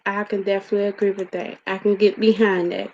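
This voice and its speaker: A woman hosting a casual podcast, relaxed and friendly as she wraps up the show. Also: mid-range voice, fast, slight background noise. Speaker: podcast host. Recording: dull lo-fi audio.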